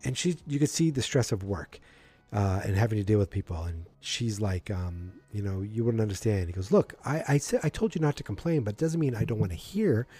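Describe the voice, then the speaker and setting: A man's voice: on the low side, expressive, a little fast, mellow, husky, soft background music. A man casually recapping a TV episode, rambling with many ums and acting out the characters' lines in passing. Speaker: show recap host.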